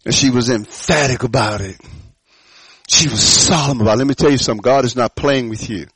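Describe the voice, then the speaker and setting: A man preaching a sermon to his congregation, emphatic, dropping to low murmurs and rising to shouted declarations, asking the room call-and-response questions. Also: fairly quick, breathy edge, low-quality recording. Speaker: pastor.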